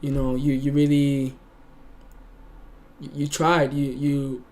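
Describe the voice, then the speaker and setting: A man's voice: medium pitch, completely flat delivery, takes it slowly, a little mellow. A young man streaming live, talking earnestly and emotionally, often stumbling over and repeating his words. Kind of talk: casual livestream chat.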